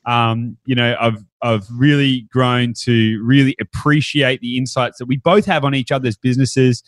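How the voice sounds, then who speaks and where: With a steady tone and moderate pace, a man hosts a podcast casually and cheerfully, peppering his speech with fillers and restarts. His pitch is an ordinary middle, and the recording is dry and close with no room sound.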